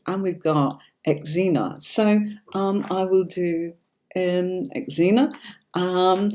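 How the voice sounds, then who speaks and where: Against a noisy background, a woman with a medium-pitched voice speaks slowly as she hosts a tarot-reading livestream. She's from Yorkshire, England, has a neutral standard British accent, and chats reassuringly, often checking in with her listeners.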